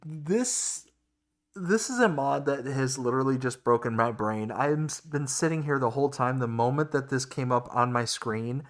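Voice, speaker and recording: A man's voice: medium pitch, moderate pace. A man co-hosting a casual live stream, stammering and exasperated as he reacts and reads chat comments aloud. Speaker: livestream co-host.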